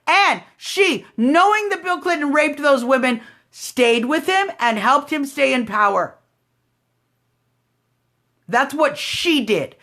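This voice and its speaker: A woman hosting a live phone stream, talking loudly in a confrontational, sarcastic political rant. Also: high voice. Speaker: livestream host. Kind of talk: combative political livestream rant. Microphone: phone livestream.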